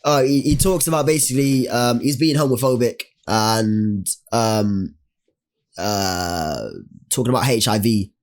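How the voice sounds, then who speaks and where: A young man, co-hosting a podcast and telling a story in casual, animated chat full of slang. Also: mid-range voice, unhurried. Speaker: podcast co-host.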